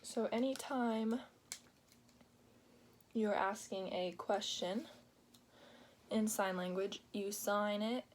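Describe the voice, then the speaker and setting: Slow, unhurried young woman presenting. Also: medium pitch, a little hiss or hum. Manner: explains plainly, with pauses and filler "like". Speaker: student presenting a project. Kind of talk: informal class presentation.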